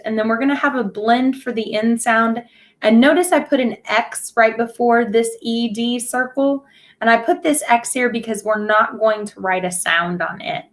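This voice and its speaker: Slow, patient teacher woman. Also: on the high side, fairly bright tone. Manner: patient, over-enunciates sounds. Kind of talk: slow, clear phonics lesson for young children.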